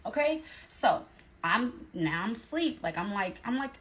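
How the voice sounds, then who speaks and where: A young adult woman telling a personal story to her viewers in a casual, slangy, animated way, often acting out what people said. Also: medium pitch, unhurried. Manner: animated, slangy, talks straight to viewers and acts out quoted lines. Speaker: storytime vlogger.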